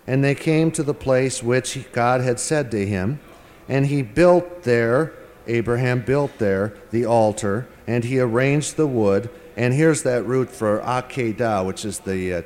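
A man delivers a verse-by-verse scripture lecture at an unhurried, measured pace, stopping often to weigh individual words. His voice sits in an ordinary middle register. The recording carries a long, lingering reverb, as if he is speaking in a large hall. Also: medium pitch, a little mellow. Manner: deliberate, translating word by word with frequent pauses and fillers. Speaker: Bible teacher.

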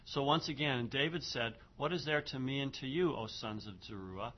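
A man lecturing in a classroom, reading lines slowly and then explaining grammar point by point. He keeps asking "okay?" and says "notice" often, in a relaxed teacher's way. The recording sounds dull and lo-fi. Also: medium pitch. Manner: reads Hebrew aloud slowly, then translates and explains grammar; frequent "okay", "um" and "notice", conversational. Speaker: Hebrew Bible teacher.

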